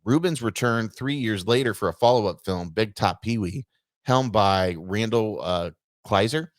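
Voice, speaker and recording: A man's voice: fairly low pitch, moderate pace, no room sound, studio quality. A man co-hosting a casual podcast, reading a news article aloud and stumbling over words with offhand asides. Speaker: podcast co-host.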